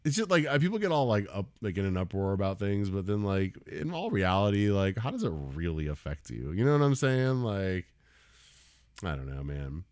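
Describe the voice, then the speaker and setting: A man's voice: low voice, big pitch swings, moderate pace, a little mellow, dry recording, studio quality. A man in his thirties hosting a solo comedy podcast, ranting casually with lots of swearing and laughter. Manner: profane, rambling, laughs often.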